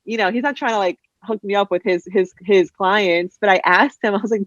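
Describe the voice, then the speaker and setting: A woman from New Jersey, a writer guesting on a podcast, telling stories in a casual, animated way, full of "like" and "you know," and acting out other people's voices. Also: medium pitch, brisk, few pauses, no echo, highs cut off. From New Jersey, USA. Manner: heavy use of "like" and "you know". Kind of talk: casual interview storytelling.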